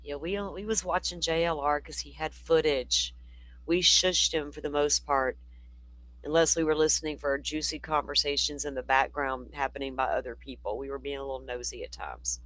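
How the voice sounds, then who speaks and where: A man's voice: on the high side, fairly even intonation, normal speed, sharp tone, poor audio. A man hosting a livestream, chatty and rambling, his voice worn from talking all day. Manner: chatty, rambling, talks to chat. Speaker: livestream host. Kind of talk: casual live commentary.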